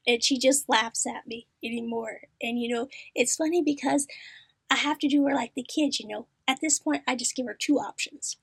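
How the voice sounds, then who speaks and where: A middle-aged woman hosts a podcast, telling a story with a lot of energy. Her voice sits high and the sound is close and dry. She often drops into hushed, whispered asides. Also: brisk, gravelly, no room sound. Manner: animated, often dropping to a whisper. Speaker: podcast host. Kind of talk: casual storytelling.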